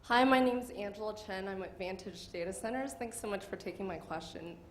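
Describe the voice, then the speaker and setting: A woman's voice: mid-range voice, brisk. A woman in the audience politely asking a question at a panel, a little hesitant.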